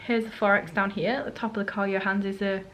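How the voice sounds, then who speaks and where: A woman's voice: mid-range voice, flat delivery, fast, a bit bright, low-quality recording. A woman vlogging on a solo trip, chatting casually to the camera and acting out what people said to her. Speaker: travel vlogger. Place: holiday rental flat.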